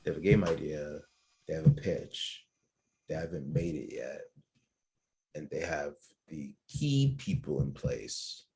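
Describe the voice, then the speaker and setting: A man with a very deep, husky voice talks on a casual podcast roundtable. He stays optimistic and keeps hedging with "like" and "right?". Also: lively intonation, measured pace, long pauses, dark tone. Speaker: podcast co-host.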